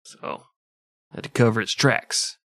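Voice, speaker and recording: A man hosting a podcast, telling a history story casually, with sarcastic, profane, deadpan jokes. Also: measured pace, dry recording, clean studio sound. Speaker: podcast host.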